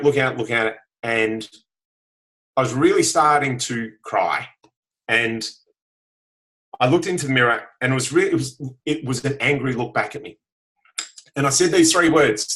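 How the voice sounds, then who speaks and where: A man's voice: mid-range voice, fairly bright tone, poor audio. A man, giving a frank, earnest motivational talk as a guest over a video call. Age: 40s. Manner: earnest, frank, frequent "right?" tags. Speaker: guest self-help speaker.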